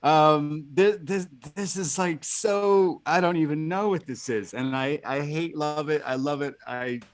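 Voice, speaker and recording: A man co-hosting a wrestling review podcast, rambling and animated in casual chat. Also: fairly high pitch, a little slow. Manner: animated, rambling, laughing commentary. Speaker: podcast co-host.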